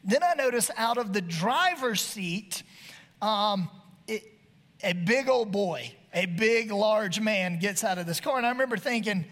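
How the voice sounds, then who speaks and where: A man telling a funny personal story to an audience in a folksy, animated way, acting out his own shouts. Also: high-pitched. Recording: long reverb of a hall.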